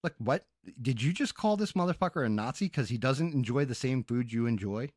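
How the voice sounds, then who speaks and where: A man's voice: medium pitch, animated, a little fast, hardly any pauses, darkish tone, no room sound, clean studio sound. A man streaming on a headset mic, telling a story in a casual, profane, exasperated rant. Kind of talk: casual ranting stream chat.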